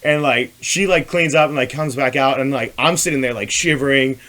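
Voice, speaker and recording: A man who talks quickly and swears freely, stringing loose anecdotes together with constant filler words. His voice sits in an ordinary middle pitch, with an easy, casual podcast delivery. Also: sharp tone. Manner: rambling, profane storytelling full of "like". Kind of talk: crude casual chat.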